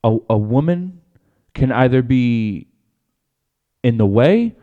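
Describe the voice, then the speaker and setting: A man's voice: mid-range voice, expressive, takes it slowly, narrow, tinny audio. A man co-hosting a podcast, arguing his point in an earnest, casual way. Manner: earnest, argumentative. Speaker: podcast co-host. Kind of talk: casual chat.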